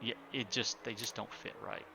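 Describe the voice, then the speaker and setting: A man's voice: medium pitch, flat delivery, normal speed, vocal fry, noisy background. A man streaming a game live, thinking aloud in a casual, chatty way, asking his viewers for ideas and grumbling a little with small restarts. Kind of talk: casual live-stream commentary while playing.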